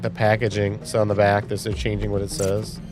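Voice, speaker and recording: A man's voice: fairly low pitch, completely flat delivery, brisk, over music. A man in his forties hosting a live stream, playfully reacting to viewer comments in casual chat. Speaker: livestream host.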